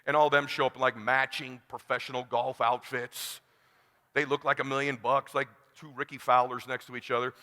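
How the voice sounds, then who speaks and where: A middle-aged man from California giving a motivational talk, blunt and animated, acting out the dialogue as he tells a personal story. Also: medium pitch, moderate pace. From California, USA. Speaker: keynote speaker. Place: large conference hall. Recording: long hall reverb.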